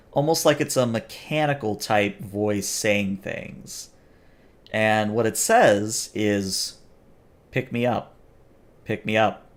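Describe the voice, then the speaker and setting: A man narrating as game master of a tabletop role-playing game, with slow, deliberate descriptions. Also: mid-range voice.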